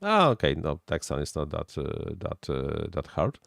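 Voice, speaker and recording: A man who is not a native English speaker, hosting a casual live stream and answering viewer questions with halting technical explanations. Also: a bass voice, wildly swooping pitch, gravelly, fairly bright tone, no echo, clean studio sound.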